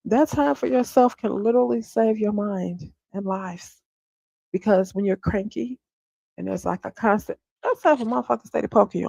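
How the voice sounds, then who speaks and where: A woman's voice: medium pitch, moderate pace, gravelly, warm tone, dry recording, poor audio. A woman, a stay-at-home homeschooling mom, venting candidly to her livestream viewers and swearing freely. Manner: talks straight to viewers, often asks if they follow her. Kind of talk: casual livestream chat.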